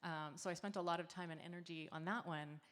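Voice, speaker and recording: A woman's voice: fairly low pitch, quick pace. Woman chatting to a crowd in a hall. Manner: relaxed, friendly, with filler words and light laughs. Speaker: singer and performer. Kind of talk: chatty stage introduction to an audience. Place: large hall at a community celebration. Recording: live hall sound with long reverb.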